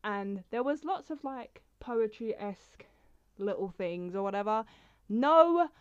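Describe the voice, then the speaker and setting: A woman's voice: medium pitch, animated, takes it slowly, smooth. Rambling young woman poetry vlogger. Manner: rambling, chatty, self-interrupting. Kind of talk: casual chat and poetry reading. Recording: slightly dull lo-fi sound.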